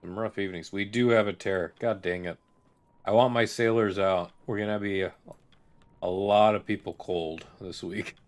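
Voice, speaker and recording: A man's voice: on the low side, fairly even intonation, moderate pace. A man commenting as he plays a video game, thinking aloud and muttering to himself. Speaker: let's play gamer. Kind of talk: gameplay commentary.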